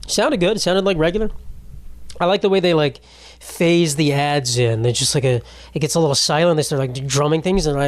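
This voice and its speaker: A young man in his twenties rambles through a casual solo podcast, swearing freely and tacking "bro" onto his jokes. His voice sits a little high. The sound is close and dry, with no room around it. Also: fairly even intonation, fairly quick, no room sound. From United States. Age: 20s. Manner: rambling, profane, jokey, trailing off with "bro" and "dude". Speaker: podcast host.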